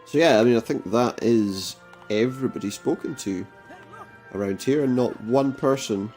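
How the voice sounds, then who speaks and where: A man doing casual gameplay commentary, reading the game's dialogue aloud in a flat voice with dry, jokey asides. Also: medium pitch, moderate pace, soft background music. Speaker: let's play commentator.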